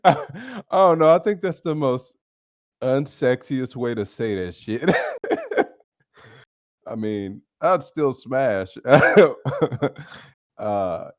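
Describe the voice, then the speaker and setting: A man's voice: mid-range voice, animated, very slow, pauses often, no echo, clean studio sound. A man hosting a podcast, telling casual stories alone, laughing often and swearing freely. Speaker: podcast host. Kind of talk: casual storytelling monologue.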